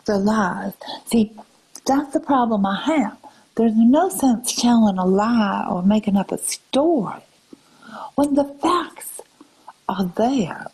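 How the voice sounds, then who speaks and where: Older woman, live-stream chat, soft half-whisper, gravelly fry, unhurried. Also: a little high, animated, poor audio. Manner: slow, soft, often half-whispered, musing. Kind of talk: casual live-stream chat, answering viewer comments.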